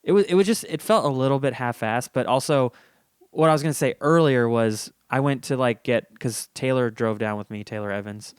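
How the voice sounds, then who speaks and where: A man's voice: medium pitch, brisk, smooth, dry recording, clean studio sound. A young man hosting a casual podcast chat, rambling through stories and laughing often. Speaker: podcast host.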